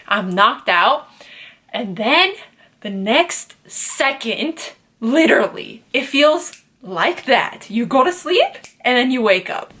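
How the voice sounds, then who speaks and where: Chatty young woman telling a storytime. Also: on the high side. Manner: chatty, animated, full of fillers like "like" and "literally". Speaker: beauty vlogger. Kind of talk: casual storytime vlog.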